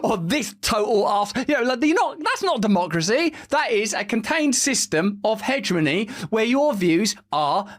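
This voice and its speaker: A man's voice: high voice, fairly bright tone. A man, hosting and giving sarcastic, mocking commentary on news clips, swearing casually. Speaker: podcast host.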